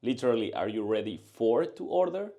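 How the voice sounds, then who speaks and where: A man teaching a language lesson, drilling short phrases and answers in a slow, carefully enunciated way. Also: mid-range voice, sing-song, dark tone.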